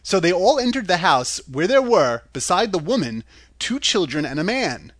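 A man reads a storybook aloud in a calm, steady way. His voice sits a little high and moves expressively, and the recording is dry and close. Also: normal speed, dry recording. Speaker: narrator.

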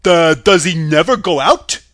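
A dopey, eager straw scarecrow put on by a man drawls and stumbles over words. He speaks slowly, and the recording is dry. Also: fairly high pitch, expressive, a bit bright, no room sound. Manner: slow, dopey, stammering.

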